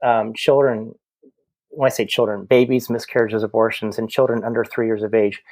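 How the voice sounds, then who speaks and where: A man's voice: lowish voice, flat delivery, normal speed, darkish tone, dry recording. A man working as a medium, a podcast guest telling stories in a chatty way over a video call from home, often repeating his words. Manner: chatty storyteller, frequent repetitions. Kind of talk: casual conversation.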